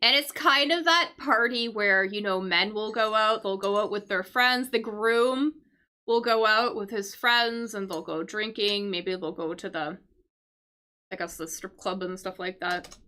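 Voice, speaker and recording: A woman's voice: medium pitch, a little slow, bright, forceful tone. A woman teaching English vocabulary through a crossword, explaining patiently with fillers and check-in questions. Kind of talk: casual livestream lesson solving a crossword.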